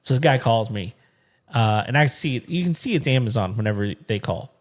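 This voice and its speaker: A man co-hosting a home show speaks in a mid-range, animated voice at a fairly quick clip. Chatting casually, he tells a story by acting out both ends of a phone call, laughing often as he goes.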